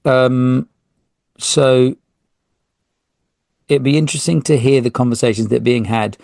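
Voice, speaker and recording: A man's voice: medium pitch, fairly even intonation, measured pace, creaky, a little mellow, no room sound. A man hosting a solo podcast, talking in a rambling, self-interrupting way with jokey asides. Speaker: podcast host.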